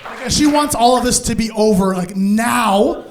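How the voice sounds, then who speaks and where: A man doing stand-up storytelling on a comedy stage, animated and laughing through his lines. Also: very high voice, measured pace, some chatter behind.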